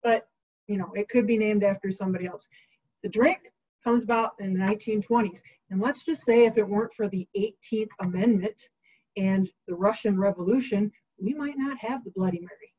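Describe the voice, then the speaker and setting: A woman's voice: medium pitch, a little fast, dark tone, slightly rough. A woman hosting her own show, casually telling a drink's history with jokey asides and quoted voices. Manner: breezy, jokey, lots of fillers and quoted asides. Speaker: host. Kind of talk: casual chatty history storytelling. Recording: slightly dull lo-fi sound.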